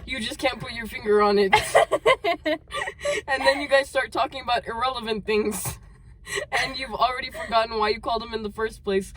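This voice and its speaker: A woman's voice: on the high side, moderate pace, a bit bright. A young woman reading her old fan fiction aloud. She keeps breaking off into giggles and restarting sentences. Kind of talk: reading aloud between bursts of laughter.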